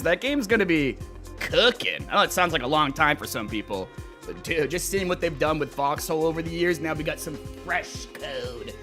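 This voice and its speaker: Lively, bright-voiced male streamer. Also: on the high side. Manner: animated, swears freely, rambling. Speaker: livestreamer. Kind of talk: casual live-stream chat.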